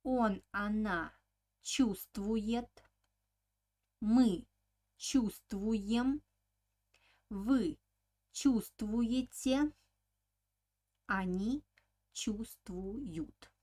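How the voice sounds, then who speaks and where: Female language teacher, unhurried delivery, mid-pitched voice, halting explanations, patient word-by-word drills. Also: darkish tone. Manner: hesitant, many filler sounds, repeats words for drilling. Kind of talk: slow explanatory language lesson.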